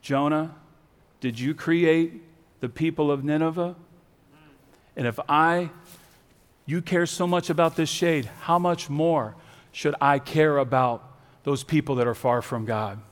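A man voicing God as a gentle, loving heavenly father who speaks softly and calmly. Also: long reverb tail, natural voice. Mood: tender. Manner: soft, low and slow.

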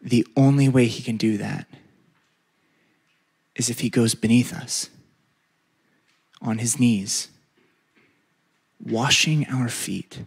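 A man's voice: medium pitch, creaky, husky. A man preaching a sermon, stretching out repeated words for emphasis and leading the congregation in call-and-response. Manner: emphatic, drawn-out repetitions, leads call-and-response. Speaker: pastor.

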